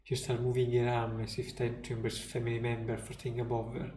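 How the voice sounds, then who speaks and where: A man streamer reading game story text aloud in a slow, somber way. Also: mid-range voice, completely flat delivery, dark tone, slight background noise. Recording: roomy room, faint music.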